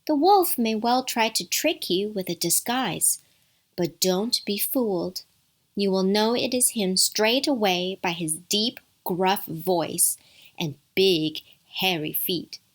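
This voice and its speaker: A woman voicing a caring mother goat in a storybook, gentle as she warns her children. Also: medium pitch, slow.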